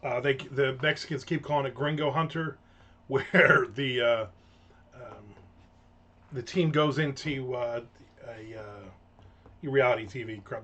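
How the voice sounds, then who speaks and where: A middle-aged man hosts his own rant segment, speaking in a medium-pitched, slightly bright voice. He talks casually, sarcastic and rambling, full of fillers and restarts. The recording has a dull, lo-fi sound.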